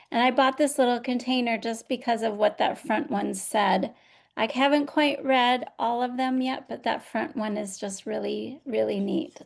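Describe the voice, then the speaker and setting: A woman from Minnesota hosts a live online journaling session from home over a video call. Her voice is scratchy with a gravelly, fry-laden edge and sits a bit high. She chats along casually, with plenty of "um"s and small restarts. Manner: warm, chatty, many fillers and restarts. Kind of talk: casual live webinar hosting.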